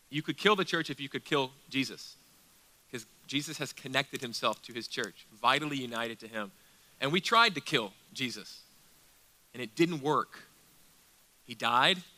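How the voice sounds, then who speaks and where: Male pastor preaching, sharp bright voice, emphatic, rhetorical questions. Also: medium pitch. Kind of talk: sermon.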